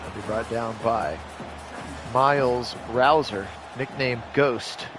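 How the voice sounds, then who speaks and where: A man calling a simulated football game on his own, jumping up loud on big plays and chatting with viewers in between. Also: medium pitch, slow, over music. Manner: rises sharply and loud for big plays, chatty asides to live chat. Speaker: play-by-play host of video game sims. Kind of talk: solo play-by-play commentary on a simulated game.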